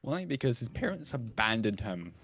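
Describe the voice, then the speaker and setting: A man's voice: mid-range voice, sing-song, moderate pace, a bit bright, faint music behind. A British man chatting casually on a stream, rambling and laughing at himself as he explains a fan series he voices. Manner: rambling, self-mocking, laughs often. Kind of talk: casual chat while streaming.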